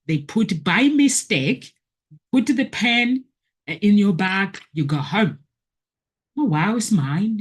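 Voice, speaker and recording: Woman vlogger preaching to camera, husky voice, keeps repeating herself for emphasis. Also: sits low. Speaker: motivational vlogger. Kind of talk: personal testimony, preachy monologue.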